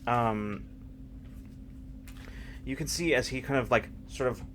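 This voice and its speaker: A man narrating a tabletop game as game master, in a halting, thoughtful way. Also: medium pitch, fairly bright tone, slight background noise.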